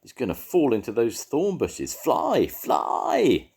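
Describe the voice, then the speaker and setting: A man's voice: mid-range voice, huge pitch swings, normal speed, dark tone, breathy edge, voice pushed up, heavily acted. An older man voicing a kindly male park keeper who fusses over the animals. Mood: alarmed.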